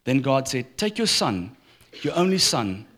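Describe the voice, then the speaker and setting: Here a middle-aged pastor gives a church sermon, livening it up with funny stories. He speaks at a medium pitch and a little slowly.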